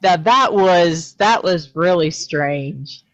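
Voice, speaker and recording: A host reading out viewer comments in a relaxed way, laughing easily. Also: mid-range voice, slow, lo-fi sound, noisy background. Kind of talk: casual chat.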